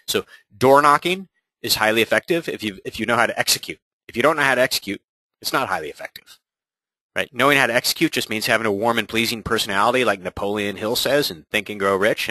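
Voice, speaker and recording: A man coaching real estate agents in a webinar, energetic and often checking in with "right?". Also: fairly low pitch, no echo, rough recording. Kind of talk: webinar presentation.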